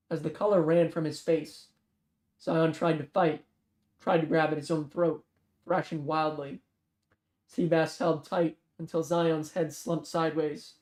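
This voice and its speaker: In an echoey room, a medium-pitched reader casually narrates a thriller novel aloud. The narration stays steady, though they often stop to correct themselves and restart phrases.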